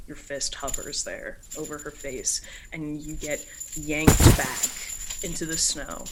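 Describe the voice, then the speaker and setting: A tabletop game master narrates a scene in a loose, casual way and keeps saying "like". The delivery is slow and easygoing. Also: mid-range voice, background noise. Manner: casual, lots of "like" fillers. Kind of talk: tabletop role-play narration.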